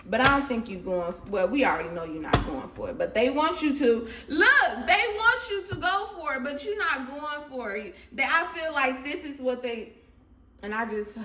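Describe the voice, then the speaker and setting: A woman giving a casual, animated tarot reading to her viewers, laughing often and swinging between loud and low. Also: a little hiss or hum. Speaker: tarot reader. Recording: echoey room.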